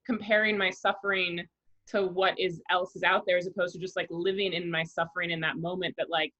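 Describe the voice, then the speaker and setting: Bright candid woman on a muffled call. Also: fairly low pitch, brisk. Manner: candid, animated, laughs often. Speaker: co-host. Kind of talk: casual podcast chat.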